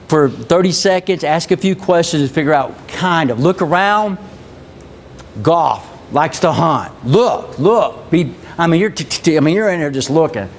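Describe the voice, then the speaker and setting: A man with a fairly high voice and a faint hiss or hum runs a live sales training. He coaches his team with lots of energy, repeating phrases and firing questions at the room.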